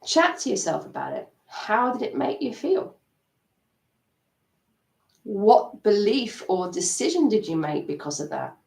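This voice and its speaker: A woman EFT practitioner gently guiding listeners through tapping steps in a live coaching talk. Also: on the low side, gravelly. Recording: echoey room, distant mic.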